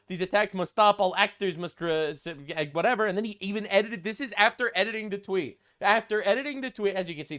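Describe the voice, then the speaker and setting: Fast-ranting, high-voiced male commentator. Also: fairly bright tone. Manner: profane, sarcastic, heated ranting. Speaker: political commentator.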